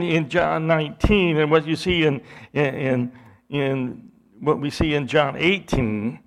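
Man preaching a scripture retelling. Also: on the high side. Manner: retells scripture with quoted dialogue, frequent restarts. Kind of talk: sermon.

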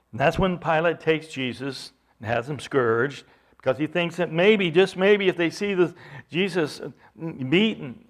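A man preaching a sermon, retelling a scripture passage with quoted dialogue and frequent restarts. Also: fairly high pitch.

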